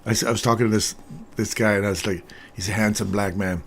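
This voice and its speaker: This older trading stream host talks fast in a low, creaky voice, mixing chart commentary with casual chat to viewers during a live session. He's sociable and laughs often, becoming animated in his storytelling. Faint background noise is present.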